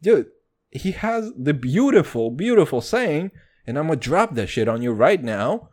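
A young man hosting a podcast, talking in a loose, excitable rush and swearing freely. His pitch leaps up and down all the time, and he keeps saying "dude". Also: measured pace. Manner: excitable, profane, says "dude" constantly. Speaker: podcast host. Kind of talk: casual chat.

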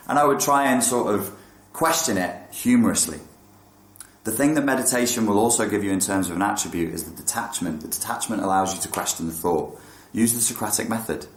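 Talking fairly quickly in a fairly low voice, the man frankly chats about meditation amid noticeable reverb. His casual talk on mental health includes some swearing and thoughts acted out as quotes.

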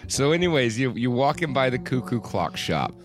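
A man's voice: mid-range voice, very animated, normal speed, music in the background. A man co-hosting a podcast, teasing his partner with crude joking remarks. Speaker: podcast co-host. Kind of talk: casual chat.

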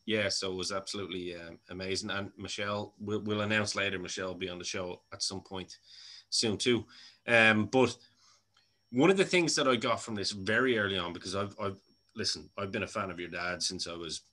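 A man's voice: low voice, brisk, pushed and bright. An Irish man hosting a podcast interview, chatty and casual, laughing often and swearing freely. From Ireland. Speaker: podcast host.

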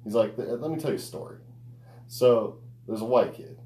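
A man's voice: mid-range voice, moderate pace, dark tone, echoey room, slight background noise. A man co-hosting a podcast, chatting loosely and swearing as he retells a joke. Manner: loose, profane storytelling with laughter. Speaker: podcast co-host. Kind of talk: casual podcast chat.

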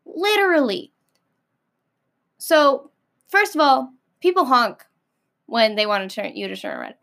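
An American woman with a slightly high voice talks in a loose, rambling vlog rant, leaning on "like" at every turn. She is blunt and sassy and swears without a second thought. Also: sing-song, a little slow, gravelly, fairly bright tone. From United States. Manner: filler-heavy, frequent "like". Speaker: vlogger. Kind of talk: casual ranting monologue.

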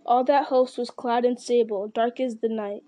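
A woman reading a fantasy novel aloud in a steady, measured voice, with the odd slip and restart. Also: on the high side, dry recording. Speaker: audiobook reader. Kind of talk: storybook narration.

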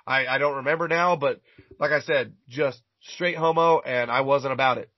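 A man's voice: mid-range voice, moderate pace, no room sound. A man chatting casually, telling a rambling, profanity-laden story and stumbling over repeated words. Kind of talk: casual chat, crude storytelling. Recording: dull lo-fi recording.

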